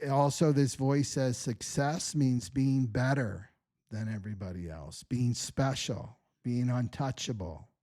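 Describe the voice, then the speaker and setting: Earnest man with a dark, mellow voice. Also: mid-range voice. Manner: earnest, repeats "right?" often. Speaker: spiritual teacher. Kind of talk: spiritual talk.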